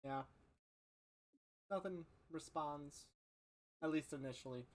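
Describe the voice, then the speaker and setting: A man runs a tabletop game in a slightly raised voice. He narrates in halting stretches, padding with ums and pausing to clear his throat. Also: a little high. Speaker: game master.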